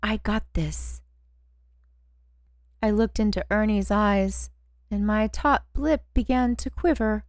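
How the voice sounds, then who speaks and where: A woman narrating a first-person audiobook in a slow, measured way. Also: medium pitch, a little mellow, no echo.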